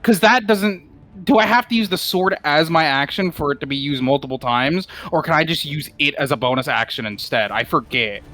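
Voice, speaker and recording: Animated, rambling tabletop player. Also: mid-range voice, fairly quick. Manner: hesitant, thinking aloud, swearing, bursts of excitement. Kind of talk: casual tabletop play.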